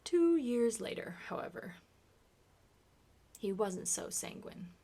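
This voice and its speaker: Breathy, slow soft-spoken woman reading. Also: mid-range voice, huge pitch swings. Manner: slow, hushed, partly whispered. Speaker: ASMR reader.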